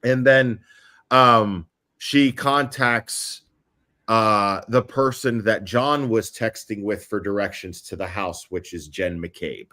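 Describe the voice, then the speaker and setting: A man's voice: on the low side, slow pace, bright, forceful tone. A male host on a casual livestream, explaining a timeline step by step with frequent ums and uhs.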